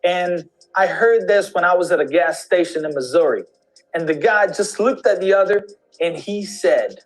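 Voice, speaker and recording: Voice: medium pitch, expressive, normal speed, faint music behind, poor audio. An English teacher in an instructional video lesson, demonstrating slang greetings with repeated examples.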